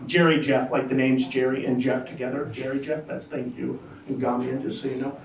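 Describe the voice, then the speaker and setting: A man's voice: medium pitch, completely flat delivery, a little fast, darkish tone. A man doing a rambling stand-up set at a comedy night, with lots of restarts and asides. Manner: rambling, loose delivery with many restarts and asides. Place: comedy club stage. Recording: echoey room heard from a distance, with a crowd.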